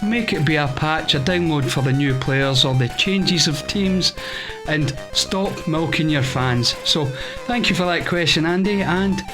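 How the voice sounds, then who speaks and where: A man hosting a Q&A on his own channel answers viewer questions in a steady, earnest, explanatory way. His voice sits fairly high. Guitar music plays beneath him. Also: a little slow. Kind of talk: scripted-sounding Q&A answers.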